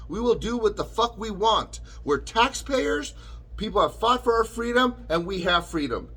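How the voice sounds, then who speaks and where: A man's voice: sits high, sharp tone, breathy edge, poor audio. A man delivering an angry, profane rant as an online commentator, combative and sarcastic, talking straight at the person he attacks. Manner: combative, sarcastic, addresses his target directly.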